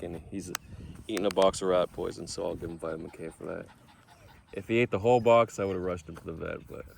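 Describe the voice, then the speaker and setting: A man's voice: low-pitched, gravelly, a little mellow, a little hiss or hum. A man vlogging casually, rambling and correcting himself as he thinks aloud.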